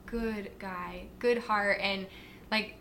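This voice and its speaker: A woman guest on a podcast, chatting casually as a fitness and nutrition coach. She tells stories in an animated way, full of fillers and acted-out quotes. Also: medium pitch, takes it slowly, gravelly, slight background noise. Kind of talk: casual interview chat.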